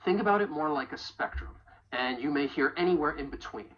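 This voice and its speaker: A woman teaching English pronunciation in a video lesson, carefully modeling example phrases slowly and clearly. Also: deep voice, animated, lo-fi sound.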